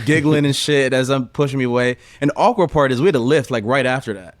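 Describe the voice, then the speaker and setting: A man co-hosting a podcast, telling a story with lots of profanity in a lively way. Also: mid-range voice, a little fast, hardly any pauses, no room sound. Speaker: podcast co-host, ex-player. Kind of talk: casual chat.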